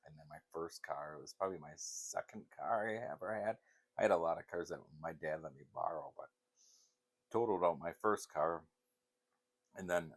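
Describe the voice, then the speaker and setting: An older man vlogging in a casual, rambling chat, wandering from one story to the next. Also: sits low.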